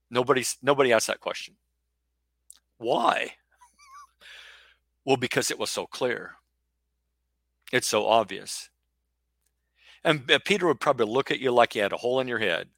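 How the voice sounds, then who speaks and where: A man's voice: medium pitch, moderate pace, creaky, pauses often, a bit bright, no room sound. A middle-aged man preaching an emphatic Bible lesson, acting out imagined questions in a rhetorical style. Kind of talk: sermon-style Bible teaching.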